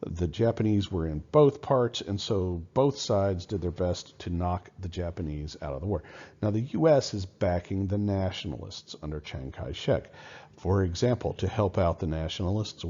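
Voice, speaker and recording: A man's voice: deep voice, expressive, normal speed, mellow, muffled recording. A man giving a casual history lecture in a loose, conversational way, with many fillers and restarts. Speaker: history teacher.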